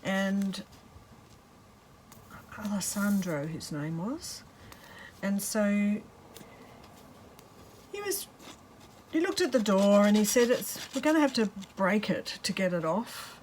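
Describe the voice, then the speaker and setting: Slow-talking woman chatting while crafting. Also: mid-range voice, lively intonation, darkish tone, a little hiss or hum, rough recording. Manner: rambling, chatty, self-interrupting with fillers. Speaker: craft vlogger. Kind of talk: casual chat while crafting.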